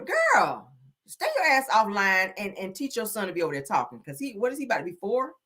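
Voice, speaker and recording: A woman hosting a gossip show, talking in a sassy, animated way, full of "honey" and "child" and swearing. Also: a little high, a little fast. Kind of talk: casual gossip commentary.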